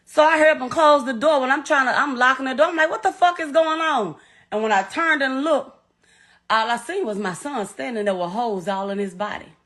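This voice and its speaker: A woman's voice: high voice, brisk, fairly bright tone. A middle-aged woman, bluntly and emotionally retelling a painful story as a bereaved mother, swearing often and repeating herself. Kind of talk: raw first-person storytelling.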